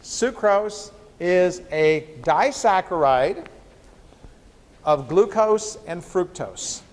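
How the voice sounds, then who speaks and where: A man's voice: high-pitched, lively intonation, drawn-out words. A man who is a biochemistry professor, giving a joking university lecture full of rhetorical questions to the class. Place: lecture hall. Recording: reverberant lecture hall.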